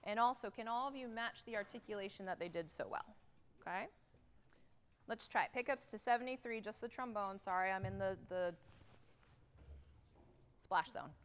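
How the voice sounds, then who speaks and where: A woman's voice: mid-range voice, moderate pace, long pauses, a bit bright. A woman conductor coaching a wind band in rehearsal, upbeat and direct, counting off and singing out how notes should sound, recorded on a theatre stage. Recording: long theatre hall reverb from a livestream.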